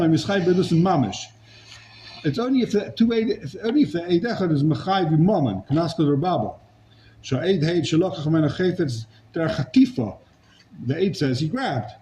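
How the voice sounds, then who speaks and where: A man's voice: fairly high pitch, warm tone, slight background noise, rough recording. A man teaching a Talmud class, arguing a legal case with rhetorical questions and Hebrew and Aramaic terms.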